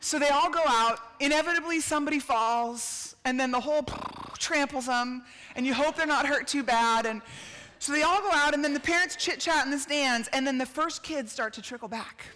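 A middle-aged woman tells stories in an animated sermon, throwing herself into acted-out quotes. Her voice is high and sharply bright. It carries a long reverb from a big hall. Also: normal speed. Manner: animated, acts out quotes, laughs and shouts. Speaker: speaker at a church gathering. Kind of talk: storytelling sermon.

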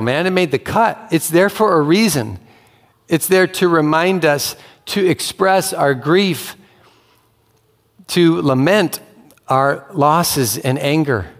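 A man preaching a sermon in an earnest, conversational way, acting out quoted lines as he goes. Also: fairly high pitch. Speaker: pastor. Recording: long hall reverb.

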